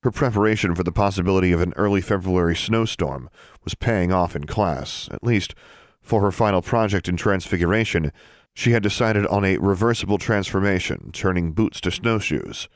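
A man reading an audiobook in steady, measured narration. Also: sits low, dry recording, studio quality. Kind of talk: scripted narration.

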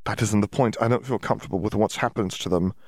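A man's voice: on the low side, fast, husky, no echo, studio quality. A man reading aloud and voicing a clever, earnest teenage witch in a precise, clipped manner. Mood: troubled.

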